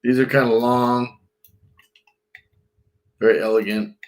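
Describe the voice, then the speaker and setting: Relaxed, reassuring male pool designer. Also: medium pitch, slow pace. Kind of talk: casual client meeting.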